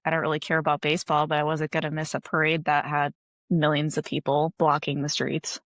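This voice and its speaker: A woman's voice: low voice, completely flat delivery, brisk, fairly bright tone, dry recording. A woman from Wisconsin in her thirties, a guest chatting casually in an interview, laid-back and full of "like" fillers.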